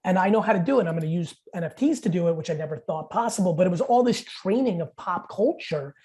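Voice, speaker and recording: A man in his forties talks as a podcast guest, blunt and full of swearing. He tells stories rapid-fire, punching his points home. His voice has a dark, mellow tone. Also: high-pitched, animated. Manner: blunt, profane, rapid storytelling. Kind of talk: casual podcast interview.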